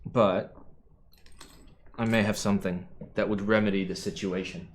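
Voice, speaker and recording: Young male streamer, low-pitched, worn out, rambly, cusses, keyboard clicks behind. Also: fairly even intonation, normal speed, slight background noise. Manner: rambling, swears casually, mutters to himself. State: tired. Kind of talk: casual live-stream chat while building. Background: keyboard clicking and typing.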